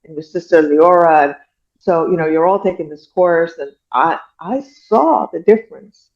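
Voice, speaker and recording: A woman's voice: fairly low pitch, moderate pace. A middle-aged woman from an Iranian American background, a guest telling a story in casual chat and acting out what other people said. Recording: muffled dull audio.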